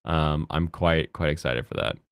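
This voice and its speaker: A man's voice: extremely low pitch, moderate pace, clear, resonant tone, no echo, clean studio sound. A man in his thirties chatting casually as a streamer, rambling and giggly. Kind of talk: casual chat.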